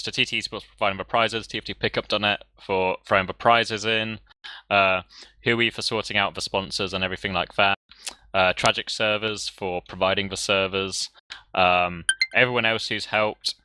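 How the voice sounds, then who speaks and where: A man with a low, very bright and forceful voice, recorded dry and close. He laughs often and rambles through thank-yous on a casual stream wrap-up. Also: steady tone, normal speed, clear, resonant tone, no room sound. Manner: giggly, rambling shout-outs. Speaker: tournament caster.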